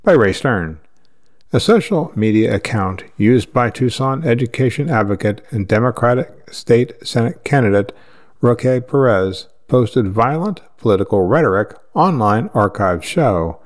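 A man reads news articles aloud in a steady, measured voice. His pitch sits in an ordinary middle range. He keeps a plain, even delivery with the odd stumble. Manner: steady, measured reading with occasional slips. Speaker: news reader.

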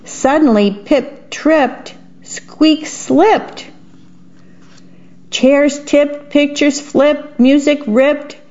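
A woman reading a picture book aloud to children in a lively, animated way, pausing to describe the pictures. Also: sits high. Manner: lively, animated read-aloud with brightening exclamations. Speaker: storybook reader. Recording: dull lo-fi recording.

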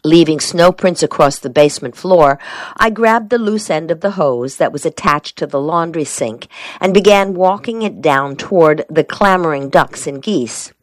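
A woman's voice: low voice, moderate pace, no echo. A woman narrating a first-person memoir audiobook, telling it in a wry, dry storytelling manner.

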